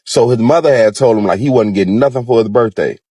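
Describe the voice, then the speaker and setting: A man's voice: medium pitch, fast talker, mellow. A man casually telling a story in a rambling way, full of fillers. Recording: roomy echo.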